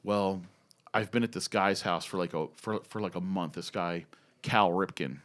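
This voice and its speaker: A man's voice: fairly low pitch, animated, normal speed, pitched below the performer's own voice, close to an everyday voice. A man voicing a distraught male movie star who rambles frantically and swears. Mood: panicked.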